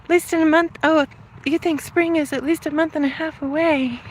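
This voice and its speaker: A woman's voice: high voice, steady tone, normal speed, a little hiss or hum. A middle-aged woman chatting casually on a live stream while walking outdoors, a little out of breath, laughing often and thanking viewers by name. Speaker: livestreamer reading chat.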